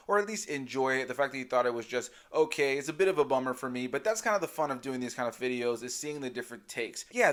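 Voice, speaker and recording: A man hosting a movie review channel, earnest and measured in casual chat. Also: medium pitch, fairly bright tone.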